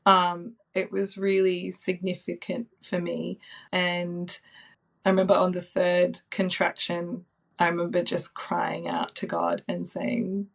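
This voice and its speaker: A woman in her thirties, a podcast guest telling a personal story in a soft, reflective way with frequent ums and likes. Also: lowish voice, completely flat delivery, slow, gravelly. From Australia.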